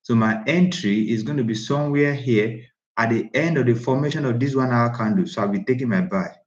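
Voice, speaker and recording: A man teaches a trading lesson, walking through a chart and hammering his points with repeated, restarted phrases. His voice is mid-pitched and sits in a roomy, echoing space. The audio is slightly dull and lo-fi. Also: a little fast. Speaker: trading instructor. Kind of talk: screen-share trading lesson.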